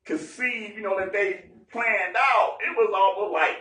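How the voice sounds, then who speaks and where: A high-voiced man teaches scripture to a gathering in an animated, emphatic way, acting out the people in the story. He is heard from off the mic in an echoing room. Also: moderate pace, far from the mic. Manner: lively, acts out dialogue, slangy and emphatic. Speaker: teacher leading a Bible study. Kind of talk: animated sermon-style Bible teaching. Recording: echoey room, heard from afar.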